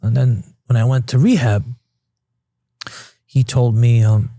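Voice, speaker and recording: Unhurried and steady, a man with a dark, medium-pitched voice tells his life story as a podcast guest, re-enacting old exchanges with quoted dialogue. He's from Queens, New York, in his thirties, and blunt, swearing freely in a casual manner. The sound is studio quality without echo.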